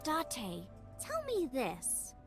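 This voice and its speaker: A woman's voice: high-pitched, wildly swooping pitch, very slow, full character voice. An actress voicing a sweet, upbeat young woman in a video game, with a chirpy, bouncy delivery. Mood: curious. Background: game music.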